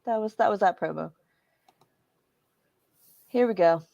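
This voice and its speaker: A woman's voice: medium pitch, a little slow, creaky, warm tone, no echo, lo-fi sound. A woman co-hosting a show in casual chat, telling stories expressively and laughing often. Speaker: co-host.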